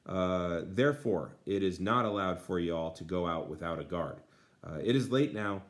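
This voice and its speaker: Man teacher, translating a text aloud, lots of fillers, low voice. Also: normal speed. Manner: many uh fillers, dry asides. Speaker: Latin teacher.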